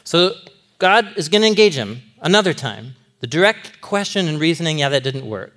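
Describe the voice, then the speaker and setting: A man in his thirties, a Bible teacher giving a lively, comic sermon-style lesson to a group, often laughing as he retells the story. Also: fairly high pitch, normal speed.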